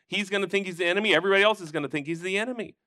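A man's voice: high voice, rapid-fire, sharp tone, dry recording, studio quality. A man teaching a Sunday school Bible lesson, explaining scripture with emphatic bursts.

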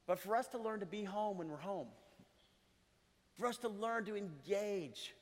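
Middle-aged guy preaching, pretty high voice, chatty with little laughs, lots of reverb like a big church. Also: normal speed. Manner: conversational preaching with laughs and asides. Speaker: pastor. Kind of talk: sermon. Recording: long hall reverb.

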